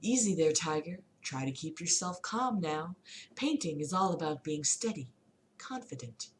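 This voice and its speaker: Woman doing a soft, soothing male painter. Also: sits low, sing-song. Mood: gentle, soothing. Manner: quiet, slow and soothing. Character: soft-spoken gentle older male painter.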